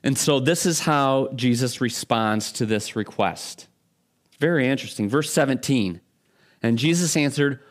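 A pastor speaking from the pulpit in a mid-pitched man's voice. He preaches conversationally, often stopping and restarting his sentences as he works through a thought. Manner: conversational, halting with many restarts. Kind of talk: sermon.

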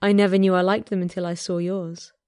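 A woman voicing a shy, gentle man who speaks softly and haltingly. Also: fairly low pitch, level tone, natural voice. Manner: hesitant, soft, halting.

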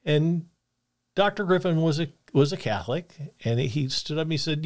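A man's voice: fairly high pitch, animated, moderate pace. An older man, earnest and reflective, telling a personal story about faith and loss. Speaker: podcast co-host.

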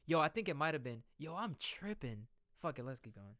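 A man reacting to a new song in a casual, excitable, slangy way, thinking out loud as he listens. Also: a little high, a little fast, hardly any pauses. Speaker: music reaction vlogger. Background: music playing.

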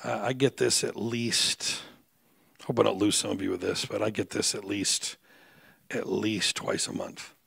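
A middle-aged male pastor, preaching conversationally and building to loud, emphatic outbursts. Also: fairly low pitch, fairly even intonation, measured pace, vocal fry, slightly rough, dry recording. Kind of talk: sermon.

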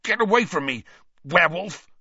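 Hurt scared teen boy gasping, a bit higher, narrator guy doing him, muffled audio. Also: expressive, moderate pace, pushed and bright, slightly rough, no echo, full character voice. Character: injured, scared teenage boy.

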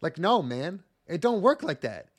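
A man's voice: sits high, sing-song, normal speed. A man casually ranting about an anime plot, sarcastic and profane, with mock retellings of scenes. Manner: rambling, profane, sarcastic retelling with mocking impressions. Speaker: podcast co-host reviewing anime. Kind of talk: casual comedic chat.

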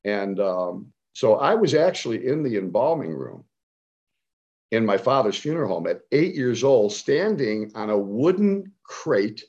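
A man's voice: sing-song, unhurried, darkish tone, breathy edge, muffled recording. A man in his seventies, from the Cleveland area, telling a personal story with passion and emphasis. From Cleveland area, United States. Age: 70s. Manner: emphatic, rising to a high pitch when stirred. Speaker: speaker on health and nutrition. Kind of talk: impassioned storytelling.

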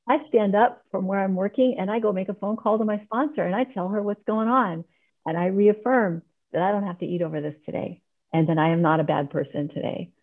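Middle-aged woman, lowish voice, earnest recovery-meeting share, heard through a tinny call line. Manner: earnest and heartfelt. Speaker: member sharing at a recovery meeting. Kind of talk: personal testimony share. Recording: tinny online call audio.

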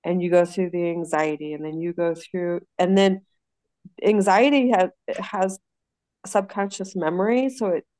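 A woman in her forties telling stories in a casual chat, animated and blunt with some swearing. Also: on the low side, normal speed, no room sound, low-quality recording. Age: 40s.

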